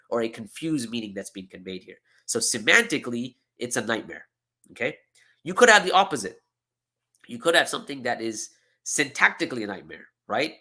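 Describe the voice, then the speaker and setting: Man, seminar teacher, bright forceful voice, emphatic lecture, checks in with the room. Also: medium pitch. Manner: emphatic, animated explaining with frequent "okay?" and "right?".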